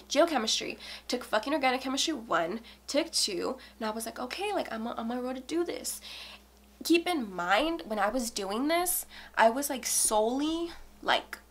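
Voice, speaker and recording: A woman in her twenties from Texas, telling her story in a candid, casual vlog chat, swearing freely and saying "like" often. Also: on the high side. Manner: candid, swears a lot, fillers like "like". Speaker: beauty vlogger.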